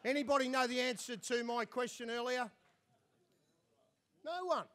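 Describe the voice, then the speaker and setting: High-pitched Australian man telling yarns. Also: moderate pace, fairly bright tone. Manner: dry self-mocking storyteller. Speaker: after-dinner speaker. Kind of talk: comic after-dinner storytelling.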